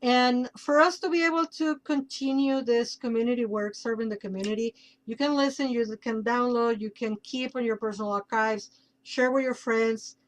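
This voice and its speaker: A woman's voice: on the high side, steady tone, normal speed, low-quality recording. A woman podcast host with a Mexican accent, chatting casually and plugging her work with playful asides.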